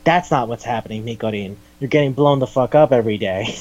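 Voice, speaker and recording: A man chatting casually on a podcast, retelling scenes with swearing and quick impressions of the characters. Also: mid-range voice, highs cut off. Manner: animated retelling with acted quotes, swears and laughs. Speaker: podcast host. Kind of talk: casual chat recapping an anime.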